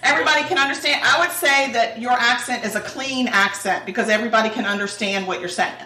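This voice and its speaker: A woman's voice: fairly high pitch, fast talker. A woman hosting a cooking show, chatting casually and laughing often as she cooks in a kitchen. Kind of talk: casual chat while cooking. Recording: echoey room, mic at a distance, faint noise.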